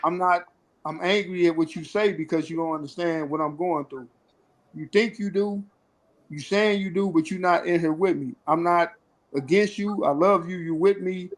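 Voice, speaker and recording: A man's voice: sits high, normal speed, rough recording. A man speaking candidly on a panel, earnestly explaining how he felt on prison phone calls. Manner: earnest, acts out phone talk. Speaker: formerly incarcerated panel guest.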